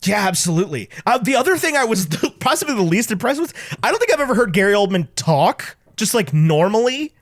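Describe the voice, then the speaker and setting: A man co-hosting a podcast, chatting casually about movies, animated and full of stumbling restarts. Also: high voice, fairly quick, few pauses, dry recording, studio quality. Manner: animated, stumbling restarts, quotes people in voices. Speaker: podcast co-host.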